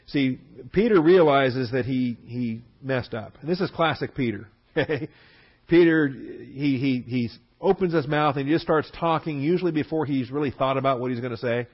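A man's voice: medium pitch, moderate pace. Guy teaching bible verse by verse, mid voice, kinda dull lo-fi sound. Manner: lively, acts out quotes with a raised voice. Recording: dull lo-fi recording.

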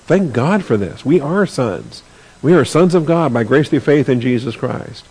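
An earnest man teaching scripture to a class in a conversational tone. His pitch is ordinary for a man, and he often repeats a word while searching for his phrasing. He reads passages and then comments on them plainly. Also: big pitch swings, moderate pace, darkish tone, husky, rough recording.

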